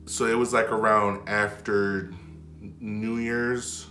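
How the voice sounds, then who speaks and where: A man telling a personal story to camera in a rambling, casual way, full of "like" and restarts, sometimes dropping to a hush. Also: on the low side, level tone, slow pace. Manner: drops to a hush when retelling whispered moments. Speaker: vlogger. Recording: echoey room with faint background music.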